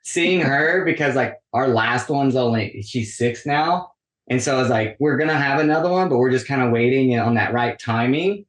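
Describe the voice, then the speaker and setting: At a moderate pace, a man with a mid-range voice tells a lengthy tale as a guest on a podcast, keeping the chat casual. He performs the quoted dialogue with animation and uses "like" frequently, and the room echoes noticeably.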